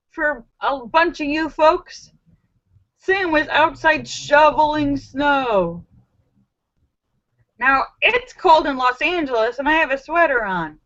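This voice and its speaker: A woman hosting a casual live stream from home, chatting with viewers and telling stories with animated voiced reactions. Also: high voice, slow, dry recording. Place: home in Los Angeles. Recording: dull lo-fi sound.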